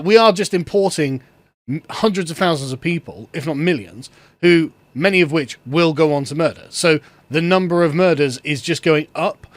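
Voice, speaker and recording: A man's voice: a little high, a bit bright, no room sound. A man giving sarcastic solo political commentary, ranting and laughing often as he talks.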